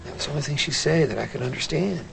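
An anguished, gravelly married man. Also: a little high, expressive, racing, faint music behind, full character voice. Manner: soft, pleading, breaking into hushed confession. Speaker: married dentist confessing to his lover. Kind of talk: film drama acting.

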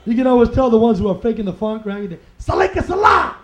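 A man's voice: high voice, fast talker, warm tone, rough recording. A man from Chicago performing a playful stand-up comedy routine, laughing at his own jokes and mimicking voices. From Chicago, USA. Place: live comedy stage.

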